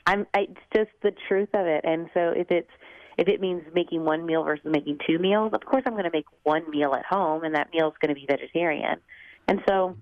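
A woman's voice: lowish voice, a little fast, no echo, muffled recording. A woman with a Southern US accent, chatting upbeat and laughing as a radio interview guest. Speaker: cookbook author and TV cook, radio guest.

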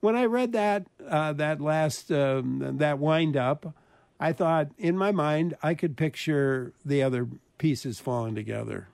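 Chatty male radio host, higher voice. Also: measured pace, vocal fry, darkish tone, no echo. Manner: chatty, stumbling restarts. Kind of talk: hosting a book discussion.

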